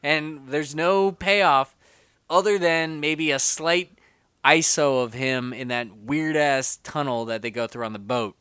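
A man's voice: fairly high pitch, slow pace, sharp tone, smooth, dry recording. A man hosting a casual movie podcast, talking animatedly and slipping into mocking character voices. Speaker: podcast host.

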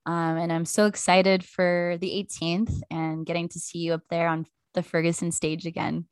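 A woman's voice: on the low side, level tone, moderate pace, smooth, no echo, studio quality. A woman hosting a podcast chat, effusive and grateful in her words. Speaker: podcast host. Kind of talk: casual chat.

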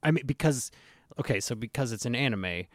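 A man's voice: mid-range voice, animated, brisk, a bit bright, no room sound, studio quality. A man hosting a casual podcast chat, reading out listener comments and asking questions. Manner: reads listener comments aloud. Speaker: podcast host.

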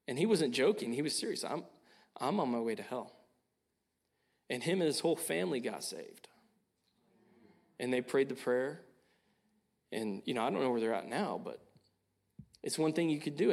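A man's voice: on the high side, a little mellow. A young man preaching a sermon, earnest and urging, often repeating his phrases. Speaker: pastor.

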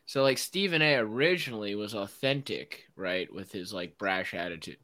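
A man's voice: on the low side, expressive, normal speed, sharp tone. A man hosting a casual sports podcast, ranting with strong opinions and frequent laughs. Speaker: podcast host.

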